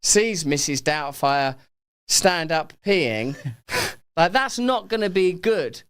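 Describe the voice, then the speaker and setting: A man's voice: a little high, animated, slow, a bit bright, clean tone. A middle-aged English man hosting a live talk show, riffing playfully and rambling with his studio crew. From England. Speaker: host. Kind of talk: casual live show chat.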